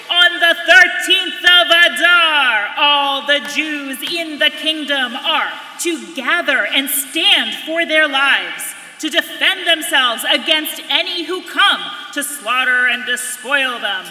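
A slow, very bright and high voice reads a scripture story to a congregation, dropping in wry asides. It sounds set back from the mic, in a big echoey sanctuary. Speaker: Megillah reader. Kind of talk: dramatic scripture reading to a congregation. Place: large synagogue sanctuary. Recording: echoey hall, distant mic.

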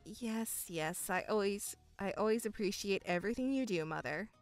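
A woman voicing a calm, patient young woman who is about to be married, speaking in a measured, restrained way in a dramatized story reading. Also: mid-range voice, over loud music, voice pushed down, natural voice.

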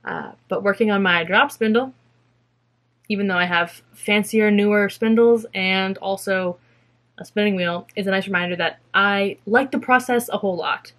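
Speaking at a moderate pace in a mid-range, slightly bright voice, a young woman who podcasts about fiber crafts chats casually to camera. Her topic is her spinning and felting work, and she wanders off on tangents with self-mocking humor and the occasional silly voice.

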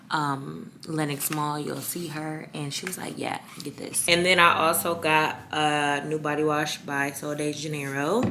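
A young woman with a raspy voice, chatting excitedly in a casual vlog. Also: low-pitched, noisy background. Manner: chatty, excited, lots of fillers. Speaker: vlogger.

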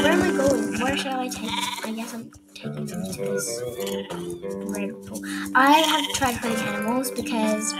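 A woman giving excitable, casual commentary while she plays a horse game, often exclaiming. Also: a little high. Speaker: gaming vlogger. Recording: loud game music behind voice. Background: game music.

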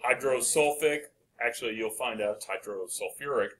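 Male chemistry teacher, bright tone, quizzes the class and praises answers. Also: medium pitch, moderate pace. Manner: asks questions and answers them himself, encouraging. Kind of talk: classroom lecture.

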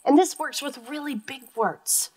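Slow, patient woman teacher sounding out words. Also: high voice, a little mellow, poor audio. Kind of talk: phonics lesson for young children.

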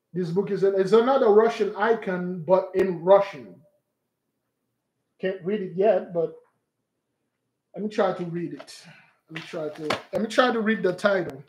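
A man's voice: sits high, measured pace, pauses often, a little mellow. A man hosting a livestream, talking in an emphatic, preachy way and repeating his points. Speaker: online show host. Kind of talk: livestream commentary.

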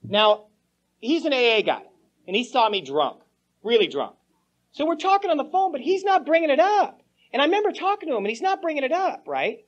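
A man's voice: very high-pitched, sing-song, brisk. A man telling his recovery story at a meeting, in a joking, slangy way, calling listeners "man" and "bro". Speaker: AA meeting speaker. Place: meeting room before a live audience. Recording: lo-fi old cassette tape.

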